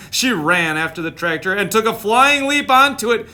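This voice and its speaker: High-voiced man reading a storybook. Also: fairly even intonation, moderate pace, pushed and bright. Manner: playful, chatty asides to viewers. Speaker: storytime reader. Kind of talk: reading a picture book aloud on a live stream.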